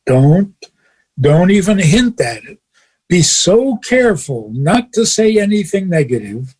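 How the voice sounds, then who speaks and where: A man's voice: high voice, big pitch swings, measured pace, a little mellow, slightly rough. A man, a rabbi hosting a radio show, teaching with frequent chuckles and emphatic rhetorical questions.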